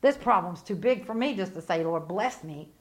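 A middle-aged woman preaching a sermon with fervent conviction, swinging from quiet reflection to loud emphatic bursts. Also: on the low side, expressive, normal speed.

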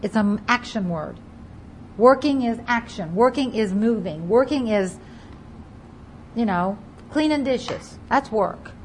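A woman preaching a sermon, reading scripture aloud and stressing key words over and over, her loudness rising and falling. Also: a little high, expressive, takes it slowly, a little hiss or hum, poor audio. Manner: emphatic, repeats key words, varies loudness widely; reads scripture aloud in King James wording. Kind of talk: Bible teaching sermon.

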